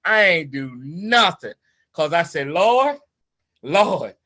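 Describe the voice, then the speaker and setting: Man, high and very bright voice, fired-up storyteller who acts out quotes. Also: very animated, slow. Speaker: participant in a coaching call. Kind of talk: personal story told to a group.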